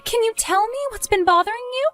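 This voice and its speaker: A woman voicing a caring mother who gently coaxes and worries over her teenage son. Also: extremely high pitch, fairly quick, soft background music. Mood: concerned. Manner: gentle, coaxing, concerned.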